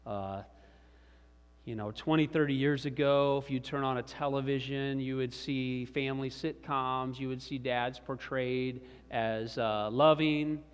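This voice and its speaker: A man's voice: medium pitch, fairly even intonation, a little slow, clean tone. A middle-aged man preaching a sermon in a conversational storytelling manner with chuckles, as the pastor. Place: large church sanctuary. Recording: reverberant church hall.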